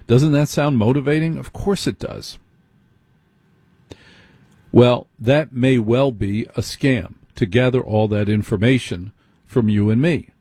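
A man's voice: mid-range voice, measured pace, mellow, husky, dry recording. A middle-aged man hosting a late-night radio talk show, speaking conversationally and putting direct questions to his listeners.

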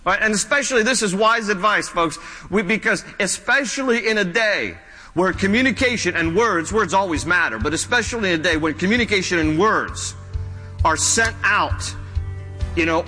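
A man's voice: sits high, expressive, moderate pace, bright, forceful tone, long reverb tail, soft background music, rough recording. A man preaching a sermon as pastor, talking conversationally and acting out the lines he quotes.

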